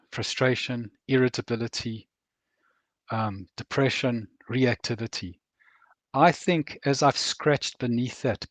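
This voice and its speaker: An older man from Rhodesia, a veteran author and counsellor, speaking in an earnest, measured way and slowing down on heavy words. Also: mid-range voice, no echo. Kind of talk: reflective interview talk.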